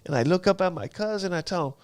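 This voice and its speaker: A man's voice: sits high, animated, fast, dry recording, studio quality. A man telling his life story in a casual interview, using street slang and acting out sounds.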